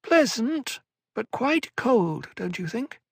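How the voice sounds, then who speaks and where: A man voicing a small, wheedling male alien prisoner with a whining, elfin voice, pleading slowly. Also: big pitch swings, creaky, no echo, clean studio sound, full character voice. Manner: slow, pleading, high-pitched. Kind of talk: audiobook character voice.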